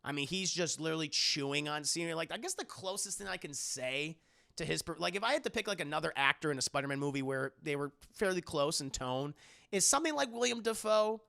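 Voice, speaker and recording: A man's voice: fairly high pitch, lively intonation, fast talker, vocal fry, bright, forceful tone. A man giving a casual, rambling movie review on a live stream. He repeats himself, swears, and breaks off to chat with his viewers.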